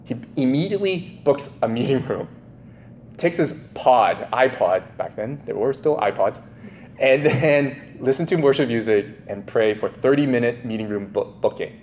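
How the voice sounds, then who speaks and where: A man preaching a sermon, telling a parable with lively asides and acted-out voices. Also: medium pitch, moderate pace, slight background noise. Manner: animated, lively storytelling with asides and laughs.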